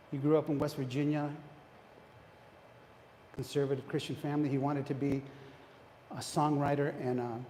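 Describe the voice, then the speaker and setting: The speaker at this retreat has a mellow, medium-pitched voice and preaches to a congregation in a church hall. Engaging, he questions his audience and frequently starts sentences over, with long reverb and faint noise in the background.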